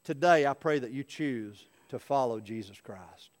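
A man's voice: medium pitch, expressive, measured pace, big-room sound. A male pastor preaching a sermon in an earnest, folksy way, telling stories. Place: church.

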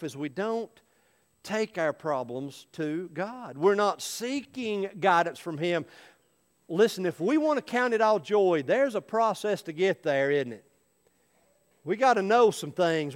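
A man's voice: a little high, clean tone, big-room sound. A male pastor preaching a sermon in an earnest, folksy way, telling stories. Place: church.

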